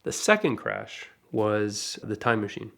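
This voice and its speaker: Man, lowish voice, casual storytelling, animated, acts out quotes. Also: a little slow, creaky. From Canada. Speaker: guest storyteller.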